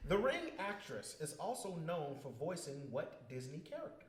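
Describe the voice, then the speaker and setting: A man hosting a casual podcast trivia game, reading the questions out slowly and turning loud and playful between them. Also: fairly high pitch, wildly swooping pitch. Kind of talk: casual group podcast chat. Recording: echoey room.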